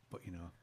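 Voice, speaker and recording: A man co-hosting a podcast, bantering and chuckling in casual chat. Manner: bantering, chuckly, restarts a lot. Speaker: podcast co-host.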